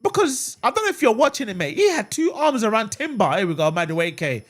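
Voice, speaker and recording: A fan channel host with a high, brisk voice runs a live watchalong of a football match. He is animated, chatting calmly with viewers, reading and answering their comments, then erupting into outraged shouts at the referee.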